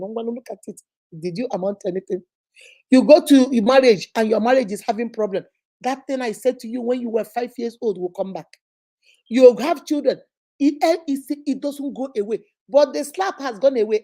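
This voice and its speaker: A middle-aged woman hosts a live relationship advice talk, speaking to viewers in a fairly high, warm voice. She is emphatic and preachy, acting out little scenes as she goes.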